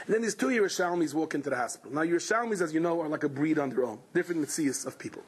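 Male preacher, husky, high, animated, storytelling sermon. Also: racing. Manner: animated, rousing, Yiddish-laced.

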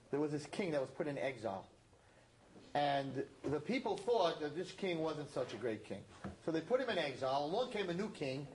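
A man teaching a class, telling a parable in an animated, emphatic way and repeating his points. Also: a little high, slight background noise. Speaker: religious teacher. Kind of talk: storytelling lesson to a class. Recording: roomy echo.

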